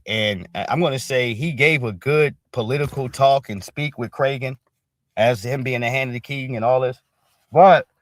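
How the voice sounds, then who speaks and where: A man's voice: mid-range voice, no room sound. A man hosting a casual livestream, talking loose and emphatic and checking in with "all right?" after nearly every point. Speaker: show host.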